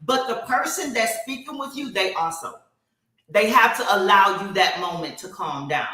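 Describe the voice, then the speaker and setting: A woman chats on a podcast, her voice bright and forward. She tells stories with animated energy and frequent fillers. The room around her is echoey. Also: medium pitch, normal speed, soft background music. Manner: animated storytelling with many fillers. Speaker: podcast co-host. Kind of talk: casual podcast chat.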